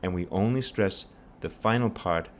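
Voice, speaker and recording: Very deep-voiced man teaching pronunciation. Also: a little hiss or hum. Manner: patient, explanatory, repeats example phrases slowly. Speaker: language teacher. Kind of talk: pronunciation lesson.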